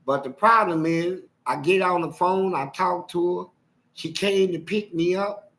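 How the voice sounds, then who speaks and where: A man's voice: sits high, measured pace, low-quality recording. A man telling a personal story on a live stream in a casual, slangy way, acting out what people said. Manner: animated, slangy, acts out the quotes.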